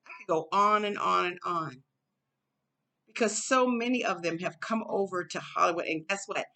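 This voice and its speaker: A woman's voice: fairly low pitch, normal speed, bright, forceful tone. A woman from the United States giving her casual commentary to camera in a conversational, musing way. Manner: conversational, musing, with fillers and laughs. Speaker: vlogger.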